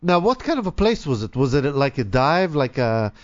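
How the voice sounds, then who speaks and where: A woman's voice: extremely low pitch, big pitch swings, moderate pace. A woman chatting casually as co-host, reacting briefly and chiming in with her own opinions. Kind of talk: casual chat. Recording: dull lo-fi recording.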